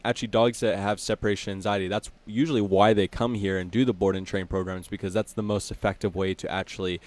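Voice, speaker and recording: A young man co-hosting a casual dog-training podcast, speaking in an easygoing way as he wraps up the episode. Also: fairly low pitch.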